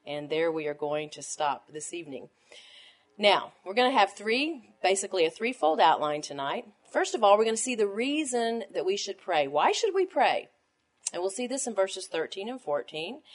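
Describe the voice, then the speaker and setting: A woman teaching a Bible study to other women, reading scripture in a measured cadence and leaning on rhetorical questions. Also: medium pitch, sing-song. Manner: emphatic, asks rhetorical questions.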